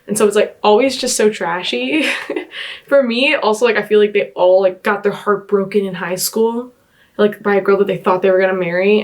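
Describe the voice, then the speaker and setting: A young woman vlogger reading posts aloud and reacting in an exasperated, animated way, full of "like" fillers. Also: mid-range voice.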